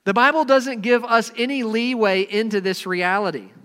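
A man delivers a sermon in an earnest, emphatic way. His voice sits high, and his stressed words swell before he drops to a near hush. A long reverb trails every phrase. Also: steady tone, normal speed, clean tone. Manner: earnest, emphatic, swings between loud stresses and quiet drops. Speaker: pastor.

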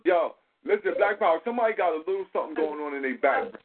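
A man hosting a casual call-in talk show, speaking animated street slang with plenty of profanity. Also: on the high side, fast. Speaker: show host. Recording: tinny phone-line audio.

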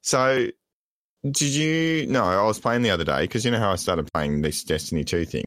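A man's voice: on the low side, animated, normal speed, fairly bright tone. A man voicing a crude, joking Aussie bloke calling in from Tasmania, with a put-on Australian accent that slips, in a comic podcast bit.

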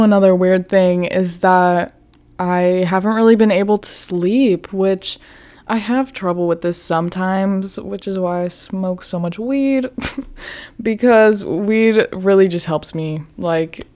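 A woman's voice: medium pitch, mellow. Giggly young woman podcast host. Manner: chatty, giggly, swears freely, lots of "like". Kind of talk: casual solo podcast chat.

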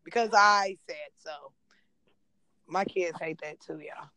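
A woman's voice: lowish voice, takes it slowly, bright, forceful tone, smooth, no room sound. A woman in her thirties co-hosting a casual chat from her car, blunt and profane, laughing often. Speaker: podcast co-host.

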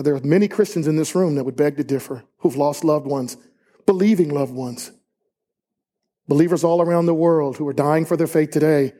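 A man preaching a sermon in a church, emphatic and rising to high exclamations. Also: mellow. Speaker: pastor. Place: church sanctuary.

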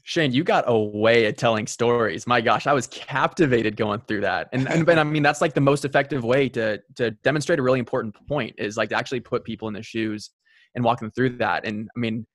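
A man's voice: mid-range voice, fairly quick, no room sound. Male host, casual and enthusiastic, dry close recording. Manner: enthusiastic, lots of "you know" and "I mean". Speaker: podcast host. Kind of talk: casual interview chat.

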